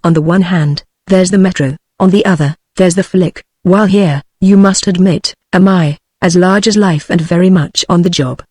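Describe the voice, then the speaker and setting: A British-accented text-to-speech female voice reading the lines of a suave, mocking male adventurer in an audiobook, with a synthetic, even delivery. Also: fairly low pitch, normal speed, few pauses, breathy edge, no echo, clean studio sound.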